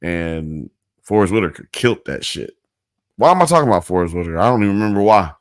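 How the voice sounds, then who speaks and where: A man's voice: deep voice, very animated, quick pace, no echo, studio quality. A man hosting a live show, chatting in a loose, rambling, slangy way. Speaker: podcast host. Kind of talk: casual live-show chat.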